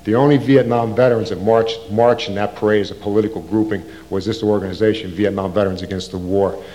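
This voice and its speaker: Older male veteran, lowish voice, loose rambling storyteller with plenty of restarts. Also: steady tone, fast talker, dark tone, muffled recording. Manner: rambling, casual, with frequent restarts and slang. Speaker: Vietnam veteran recounting his service. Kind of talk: oral history storytelling.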